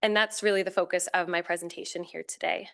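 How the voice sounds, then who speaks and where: Smooth-voiced woman giving a formal talk. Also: lowish voice, steady tone, a bit bright. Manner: formal, measured, with occasional fillers and self-corrections. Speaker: conference panel speaker. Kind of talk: academic conference presentation.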